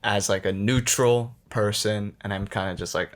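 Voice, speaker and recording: A man's voice: on the low side, a little slow. Rambling, swearing young man chatting. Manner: rambling, swears a lot, laughs often. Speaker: podcast host. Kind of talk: casual chat.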